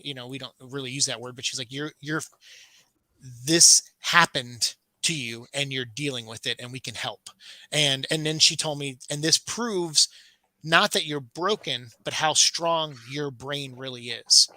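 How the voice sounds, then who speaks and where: A man hosts a casual online panel show, opening up candidly and stopping to restart his thoughts. His voice is very bright and forward, recorded close and dry. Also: medium pitch, no room sound, poor audio. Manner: candid, halting, many restarts. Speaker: host.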